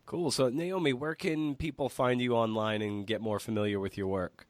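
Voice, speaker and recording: A man hosting a podcast in a casual chat, sounding tired and laid-back in a hushed morning voice. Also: medium pitch, fairly even intonation, normal speed, no room sound, clean studio sound. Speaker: podcast host. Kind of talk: casual interview chat and outro. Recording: music bed behind the voice. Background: guitar music.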